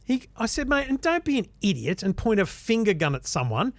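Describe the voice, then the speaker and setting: An Australian man co-hosting a podcast, telling a story in casual chat and acting out quotes with animated bursts. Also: high-pitched, fairly quick, no room sound. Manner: animated, acts out quotes loudly. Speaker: podcast co-host.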